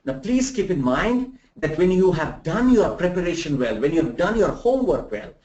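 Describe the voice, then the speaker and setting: Animated male trainer in a roomy room. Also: high voice, normal speed. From India. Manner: animated, rhetorical questions, demonstrates examples. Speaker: soft skills trainer. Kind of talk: live remote lecture. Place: room in Bangalore. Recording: roomy, dull lo-fi sound.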